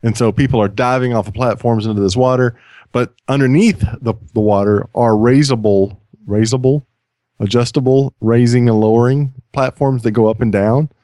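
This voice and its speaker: A man's voice: medium pitch, normal speed, mellow, no room sound. A man co-hosting a casual comedy podcast, a chatty storyteller who playfully interrupts, heard on a close mic. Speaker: podcast co-host.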